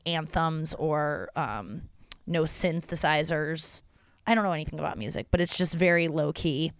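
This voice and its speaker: A woman's voice: low-pitched, no room sound, studio quality. A young woman hosting a casual solo podcast from her porch at home, chatty and rambling, swearing freely. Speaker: podcast host.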